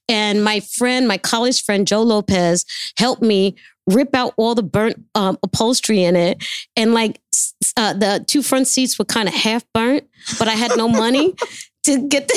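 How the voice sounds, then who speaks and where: A woman spins a casual anecdote, swearing freely and acting out every bit of dialogue. Her voice sits a little high, and the sound is dry and close. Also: moderate pace, clean tone, dry recording. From New York. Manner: animated, profane storyteller acting out dialogue. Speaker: guest.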